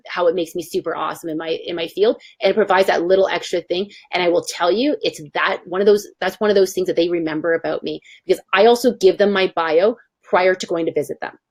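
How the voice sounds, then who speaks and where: A woman's voice: on the low side, darkish tone. A woman speaking as a webinar guest in an enthusiastic, bubbly and emphatic way. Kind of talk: casual webinar chat.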